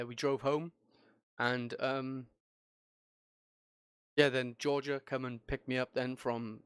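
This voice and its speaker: A man's voice: medium pitch, clear, resonant tone, no echo, clean studio sound. A young man hosting a podcast, recounting a personal story in a rambling way, with many fillers and restarts. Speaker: podcast host.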